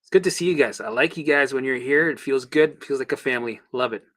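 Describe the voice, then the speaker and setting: A man hosting a casual livestream, coaching viewers through exercises in an animated, chatty way with the odd swear word. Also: medium pitch, fast. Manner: guides listeners through exercises. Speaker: host and recovery coach.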